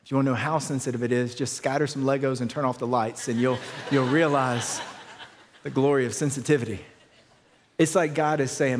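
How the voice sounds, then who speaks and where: A man's voice: medium pitch, moderate pace. A man preaching a sermon as pastor, speaking in a casual, conversational way and dropping in slang asides.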